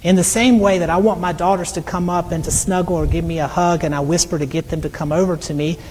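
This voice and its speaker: A middle-aged man preaching a sermon in an earnest way, reading scripture aloud slowly. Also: a little high, fairly even intonation, darkish tone, long reverb tail, slight background noise, low-quality recording. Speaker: pastor.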